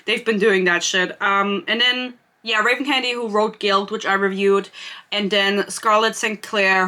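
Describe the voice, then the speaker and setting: Bright-voiced young woman ranting casually. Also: mid-range voice. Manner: chatty, swears freely, self-mocking asides. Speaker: podcast host. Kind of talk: casual chat.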